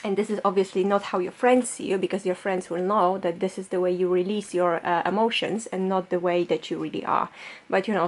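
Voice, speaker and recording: Chatty woman giving a tarot reading. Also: fairly low pitch. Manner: chatty, loose and reassuring, with many fillers. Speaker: tarot reader. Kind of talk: pick-a-card tarot reading to camera.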